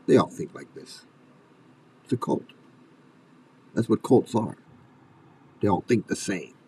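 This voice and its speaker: A man's voice: fairly low pitch, expressive, unhurried, a little mellow, distant mic, a little hiss or hum, low-quality recording. A man delivering an angry commentary rant, swearing and firing off furious rhetorical questions. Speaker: commentary video host.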